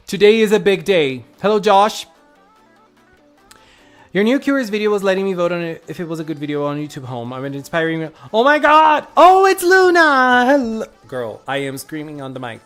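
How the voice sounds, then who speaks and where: An excitable live streamer, a little sick, greeting chat viewers by name in casual stream talk. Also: medium pitch.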